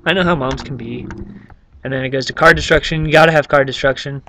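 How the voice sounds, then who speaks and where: A man's voice: medium pitch, steady tone, brisk, a bit bright. Rambling casual guy explaining a card deck. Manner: rambling, joking, lots of fillers. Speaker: YouTube card game creator.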